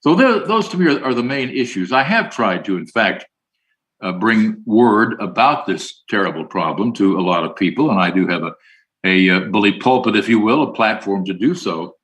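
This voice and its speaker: A man giving a conference acceptance speech in a folksy way, answering imagined objections and repeating a hotline number slowly. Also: fairly low pitch, animated, fairly bright tone, low-quality recording. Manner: folksy, plays both sides of an imagined dialogue.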